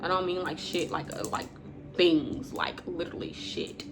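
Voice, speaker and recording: A woman's voice: fairly low pitch, steady tone, normal speed, music in the background. A woman telling a personal story in a storytime vlog, blunt and profane, emotional, breaking into laughs now and then.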